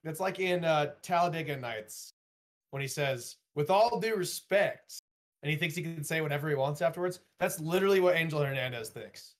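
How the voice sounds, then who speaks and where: Rambling man, slightly high voice. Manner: rambling, profane, halting restarts. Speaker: podcast co-host. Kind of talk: casual chat.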